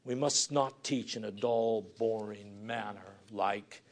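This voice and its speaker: A male pastor preaching a sermon earnestly, swinging from forceful emphasis down to hushed, near-whispered lines. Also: lowish voice, slow pace, hardly any pauses.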